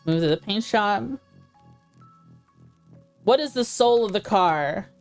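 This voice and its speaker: A woman's voice: mid-range voice, expressive, slow, soft background music. A woman streamer chatting casually while playing, laughing easily and talking to her chat.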